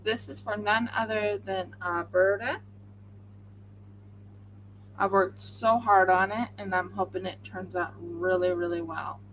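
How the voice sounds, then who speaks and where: Woman crafter narrating her resin pour on stream, unhurried, chatty. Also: mid-range voice, steady tone, fairly bright tone, a little hiss or hum, low-quality recording. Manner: chatty, talks through each step as she works. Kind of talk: casual livestream chat while crafting.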